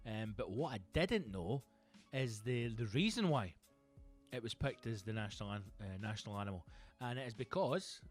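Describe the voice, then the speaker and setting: A man with a Glaswegian accent, a comedian hosting his own show, delivering a profane, animated comic monologue. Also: medium pitch. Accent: Scottish, Glaswegian. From Scotland. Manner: animated, sweary, acts out characters. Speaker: comedian and podcast host.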